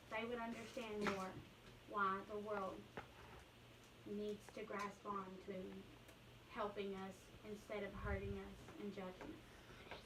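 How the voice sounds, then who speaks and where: A woman's voice: fairly high pitch, noisy background. A woman giving a candid, emotional personal talk to an audience. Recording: echoey room, voice from a distance.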